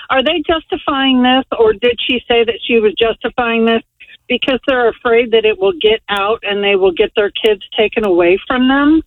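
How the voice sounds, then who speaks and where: A female caller on a tinny phone line, asking her question in a tentative way, her voice sitting fairly high. The sound is thin and dry. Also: lively intonation, normal speed, no room sound.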